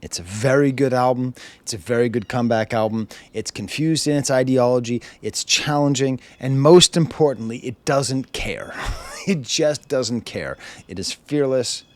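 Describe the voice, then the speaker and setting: A man's voice: medium pitch, moderate pace, dry recording. A man reviewing an album in a casual way at home, wry and chuckling, reading lyrics aloud. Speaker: music reviewer. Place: home with his dog.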